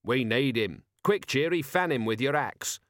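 A man voicing a brisk, weary watch commander who gives clipped orders. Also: mid-range voice, expressive, fairly bright tone, no room sound, clean studio sound. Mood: urgent.

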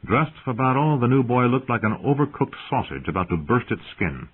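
A man giving measured scripted narration of an audiobook, heard through tinny phone-like audio. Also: medium pitch, big pitch swings, breathy edge.

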